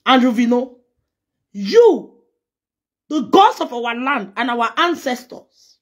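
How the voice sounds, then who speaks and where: A Nigerian woman on a furious scolding tirade. Her voice sits high and carries a husky edge. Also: big pitch swings, slow pace. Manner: heated, scolding, trading insults. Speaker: social media personality. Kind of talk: angry response rant.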